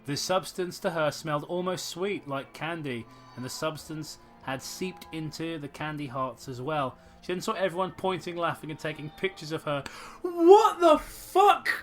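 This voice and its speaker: Sarcastic male podcast host, bright voice, reads and rants. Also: a little high, normal speed, soft background music. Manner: sarcastic, swears, rants incredulously. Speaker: podcast host reading a story. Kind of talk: comedic story reading and commentary.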